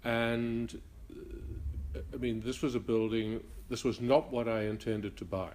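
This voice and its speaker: An older man from Northern Ireland with a blended Northern Irish and Rhodesian accent, answering interview questions in a reflective, halting way with frequent restarts. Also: mid-range voice, fairly even intonation, darkish tone, slight background noise. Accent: mixed Northern Irish and Rhodesian. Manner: halting, many restarts and fillers.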